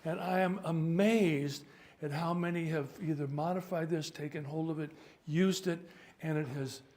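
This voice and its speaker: A man in his seventies, a priest, giving a loose, joking workshop talk and pausing to sort out practical matters. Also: fairly high pitch, fairly even intonation, darkish tone. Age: 70s. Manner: chatty, joking, stops to sort out sound. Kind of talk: informal teaching talk.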